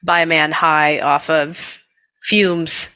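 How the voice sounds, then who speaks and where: A woman's voice: deep voice, takes it slowly. A young woman co-hosting a podcast, telling stories in casual, crude, joking chat. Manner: crude, joking, animated storyteller. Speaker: podcast co-host.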